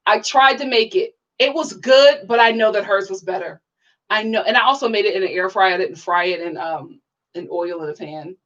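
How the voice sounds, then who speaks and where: A young woman hosting a casual livestream, chatty and bubbly, full of "like" fillers and sudden excited high exclamations. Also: normal speed, muffled recording. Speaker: YouTube reality-TV reviewer reading live chat.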